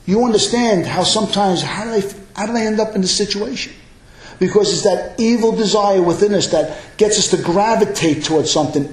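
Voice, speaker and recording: Pastor, male, high voice, emphatic sermon delivery, echoey hall. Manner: emphatic preaching that builds to loud exclamations.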